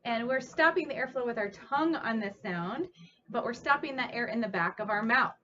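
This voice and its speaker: A woman's voice: on the high side, animated, a little fast, bright, forceful tone, dull audio. A woman speech therapist demonstrating speech sounds, speaking patiently and encouragingly as she coaches a child. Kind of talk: instructional demonstration.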